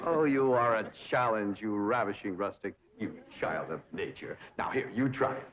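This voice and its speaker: A man's voice: lowish voice, animated, measured pace. A pompous young dandy who talks in grand, theatrical flourishes, his voice swooping up and down. The sound is a slightly muffled old sitcom track with faint hiss. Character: pompous young society man playing tutor. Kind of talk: 1960s sitcom acting. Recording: dull 1960s TV soundtrack.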